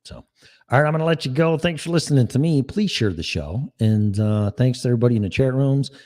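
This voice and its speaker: A man's voice: mid-range voice, lively intonation, brisk, darkish tone, long reverb tail. A man hosting his own online show, talking in a rambling, sarcastic way and swearing freely as he reads the chat. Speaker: podcast host. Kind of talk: casual monologue reading chat.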